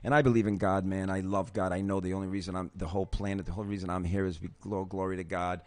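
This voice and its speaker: A man's voice: low voice, flat delivery, fast, a little mellow. A man in his sixties hosting his own show, sharing a recovery story in an emphatic, pep-talk way, swearing often and restarting sentences. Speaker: host. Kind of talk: personal recovery testimony.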